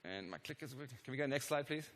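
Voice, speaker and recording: A middle-aged man giving a live product demo keynote on a conference stage, energetic and constantly checking in with the audience through quick tag questions and self-deprecating asides. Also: medium pitch. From not from the United States. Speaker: conference presenter.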